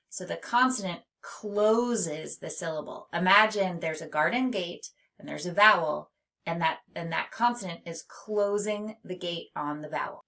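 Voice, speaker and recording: Slow, deliberate woman phonics teacher. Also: on the low side, gravelly, bright, forceful tone. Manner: stretches words out syllable by syllable. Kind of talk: slow, clear classroom instruction.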